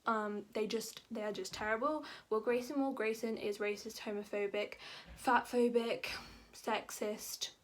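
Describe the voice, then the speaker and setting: A woman book vlogger giving a casual, ranting review. She talks in an animated, exasperated way, with lots of "like". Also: on the high side, unhurried. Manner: animated and exasperated, heavy use of "like".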